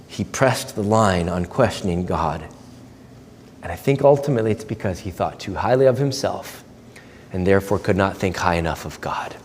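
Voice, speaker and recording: A man preaching a sermon as pastor, earnest, swinging from loud, lively quoted asides to low, hushed emphasis. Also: long reverb tail, slight background noise. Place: church sanctuary.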